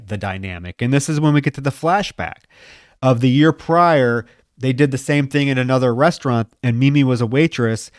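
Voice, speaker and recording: A man's voice: mid-range voice, clean tone, no room sound, studio quality. A man co-hosting a podcast, casually recapping a horror movie plot with loose, profane chatter. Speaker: podcast co-host. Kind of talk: casual film discussion.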